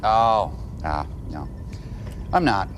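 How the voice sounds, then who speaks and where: A man's voice: lowish voice, very animated, takes it slowly, a little hiss or hum. A man making dry, sarcastic wisecracks while riffing on a film. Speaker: comedy show host riffing on a film.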